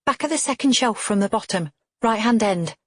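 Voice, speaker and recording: A woman plays a bossy mother who snaps her words out sharply. Her tone has a husky grain and is recorded close and dry, with no room sound. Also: a little high, animated, a little fast, dry recording, voice pushed up. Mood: brisk. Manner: sharp, snapping. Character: bossy, snappish middle-aged wife and mother.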